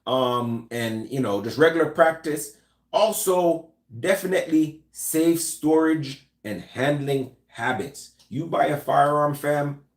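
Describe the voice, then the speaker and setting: A man's voice: a little high, slow, roomy sound. A man hosting a casual talk show, speaking loosely and conversationally with slang and frequent restarts. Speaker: host.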